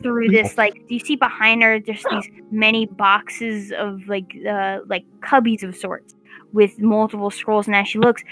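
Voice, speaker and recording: A woman's voice: mid-range voice, fairly bright tone. A woman running a tabletop game as game master, narrating in a rambling way with many likes and uhs.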